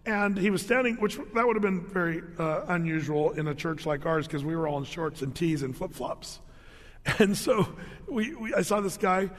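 A man's voice: sits high, moderate pace. A male pastor preaching a sermon. He tells the story with animation, acts out voices, laughs often and restarts his sentences. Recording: long hall reverb.

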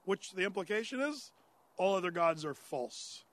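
A pastor teaching through a Bible passage in a conversational sermon, raising listener questions and answering them, with frequent "uh" fillers and restarts. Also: male voice, high-pitched, very animated, moderate pace, fairly bright tone.

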